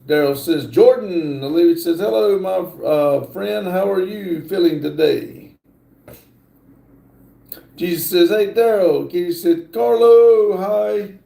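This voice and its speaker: Slow-drawling man with a gravelly voice. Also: a little high, mellow, roomy sound. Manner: slow, drawling, reads chat aloud with many fillers. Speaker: livestream host. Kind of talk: casual livestream chat reading comments.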